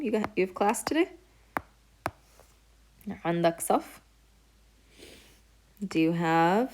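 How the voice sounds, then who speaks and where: A woman's voice: medium pitch, expressive, normal speed, pauses often, darkish tone, slight background noise. A woman teaching a recorded beginner Arabic lesson, explaining patiently step by step and saying each word aloud as an example. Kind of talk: recorded lecture.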